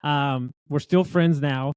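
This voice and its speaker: A man telling lively restaurant stories in a casual chat, acting out what other people said. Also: fairly high pitch, slow pace, smooth, no room sound. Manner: animated storyteller, acts out quotes of others.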